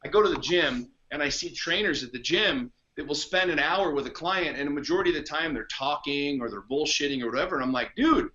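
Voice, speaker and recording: A man's voice: fairly high pitch, fast, hardly any pauses, bright, forceful tone, lo-fi sound. A man talking as a podcast guest and coach in casual conversation, blunt, emphatic and heavy on profanity.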